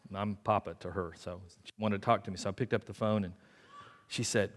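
An older man preaching a sermon in a church, talking in a conversational way and dropping to quiet asides. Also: lowish voice, steady tone, fast. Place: church sanctuary. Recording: long hall reverb in a church.

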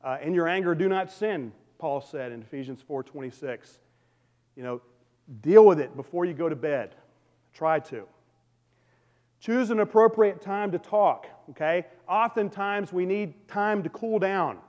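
Man, pastor, conversational sermon, fairly high voice, long church reverb. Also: unhurried, a little mellow, highs cut off. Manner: conversational preaching with audience call-outs. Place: church sanctuary.

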